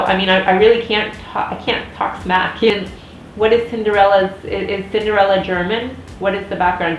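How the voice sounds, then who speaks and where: A chatty woman in her thirties with a General American accent talks straight to camera in a loose, rambling rant, stopping and restarting her sentences. Her mid-pitched voice bounces around an echoey room, with a faint hiss of noise underneath. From United States. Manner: chatty, frequent restarts and fillers. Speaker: vlogger. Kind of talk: casual rambling vlog rant.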